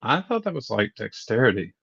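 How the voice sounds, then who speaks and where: A man running a tabletop game as game master, narrating the scene with frequent ums and pauses. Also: medium pitch, sing-song, creaky, a bit bright, breathy edge, no echo. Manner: hesitant, many ums while narrating. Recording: dull, dry lo-fi mic.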